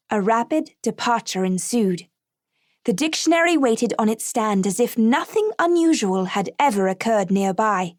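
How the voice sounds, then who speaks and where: A woman reading an audiobook aloud in clear, even scripted narration. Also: on the high side, moderate pace, no room sound, studio quality.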